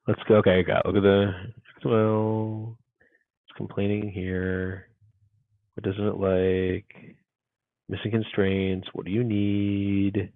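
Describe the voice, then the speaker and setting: A man's voice: fairly low pitch, level tone, slow pace, no room sound, narrow, tinny audio. A man teaching a programming class, thinking aloud as he codes and muttering asides to himself. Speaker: university instructor. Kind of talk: live coding lecture.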